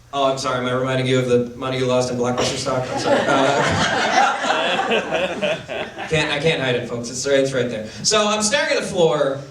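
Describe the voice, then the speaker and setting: A man's voice: fairly high pitch, fairly bright tone. A man doing a stand-up comedy set, telling a self-deprecating story with acted-out inner thoughts. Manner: storytelling, self-deprecating, acts out his own panicked inner voice. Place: comedy venue with live audience. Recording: roomy, distant camera audio with noise. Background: audience laughter.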